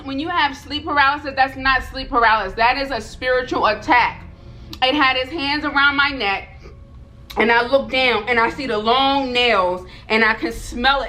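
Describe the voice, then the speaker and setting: A woman vlogger telling a personal story to her viewers, animated and repeating herself, talking straight to the audience. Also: high voice. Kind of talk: storytime vlog.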